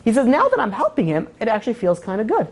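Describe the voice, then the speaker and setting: A woman's voice: fairly high pitch, quick pace, slightly rough. A woman telling a moral story in a casual way during a class, acting out the characters' lines as she goes. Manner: animated retelling, acting out quoted lines with "he's like".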